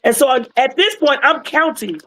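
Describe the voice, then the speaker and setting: A woman telling a client's story in a casual, animated way, with emotional moments. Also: high-pitched, normal speed, slight background noise, low-quality recording. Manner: animated, emotional retelling with acted quotes. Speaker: wellness patch seller sharing a client story.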